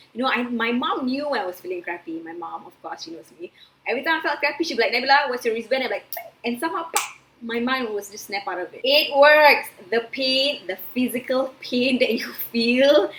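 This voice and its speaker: A woman's voice: on the high side, low-quality recording. A young woman vlogging to camera, chatty and earnest as she gives encouraging advice. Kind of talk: casual advice vlog to camera.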